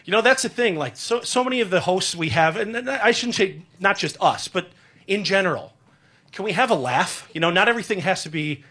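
A man's voice: high voice, animated, brisk, sharp tone. A man in his thirties, a radio sports director, giving a rambling, heartfelt farewell tribute on air with many fillers.

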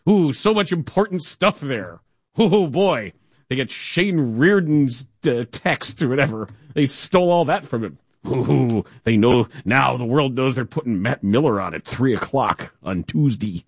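A man hosting sports talk radio, telling stories in a lively voice and slipping into quick impressions. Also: medium pitch, husky, dry recording. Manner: animated storytelling, does quick voices. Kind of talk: casual talk radio monologue. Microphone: studio mic.

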